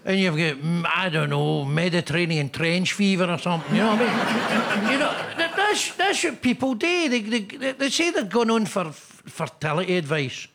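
A man's voice: high voice, very animated, normal speed, a bit bright, slight background noise. A Scottish man on a comedy panel, joking in a chatty way and tripping over repeated words. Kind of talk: comic panel banter.

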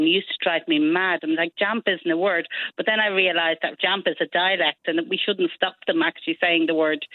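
A woman's voice: sits low, no echo. Dublin woman on a tinny phone line. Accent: Dublin Irish. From Ireland. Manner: chatty, explanatory, relaxed. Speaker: caller. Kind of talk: phone-in chat. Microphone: telephone.

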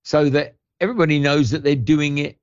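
An older English actor, a guest on a radio show, telling stories in a rambling way over the phone. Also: male voice, fairly high pitch, fairly even intonation, fairly quick, clean tone. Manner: rambling, warm anecdotal storytelling with restarts. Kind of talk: radio interview chat. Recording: lo-fi phone line.

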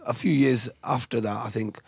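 Soft-spoken man recalling his past. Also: mid-range voice, fairly even intonation, moderate pace, creaky, slightly rough, dry recording. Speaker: guest, former boxer. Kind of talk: casual podcast interview.

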